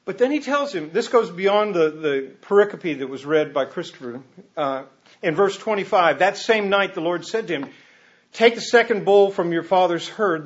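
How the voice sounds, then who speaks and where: A male pastor preaching a lively, conversational sermon at a church service, full of casual asides. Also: high voice. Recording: muffled lo-fi recording.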